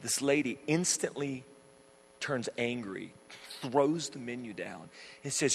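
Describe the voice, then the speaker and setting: A man's voice: medium pitch, expressive, slow pace, creaky, breathy edge. A man preaching a sermon, telling stories fervently and emphatically, often repeating his phrases. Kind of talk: sermon with storytelling. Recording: long hall reverb.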